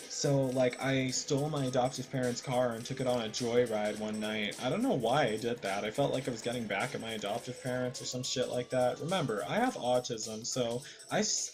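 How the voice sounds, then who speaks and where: Young man, casual gameplay storyteller, rambling, swears a lot, mid-pitched voice, faint music behind. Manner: rambling and profane, with many fillers and self-corrections. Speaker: gaming video creator.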